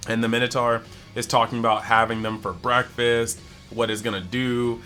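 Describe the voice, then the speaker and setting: A man's voice: mid-range voice, faint music behind. Chatty man breaking down an episode. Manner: animated, acts out characters' lines in quick bits; chatty, heavy use of "like". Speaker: anime review channel host.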